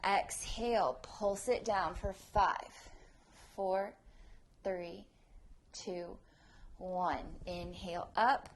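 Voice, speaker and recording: A woman's voice: medium pitch, steady tone, extremely slow, slight background noise. A woman teaching a prenatal yoga class, cueing breaths, counting down pulses and encouraging her students. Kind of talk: guided yoga class instruction.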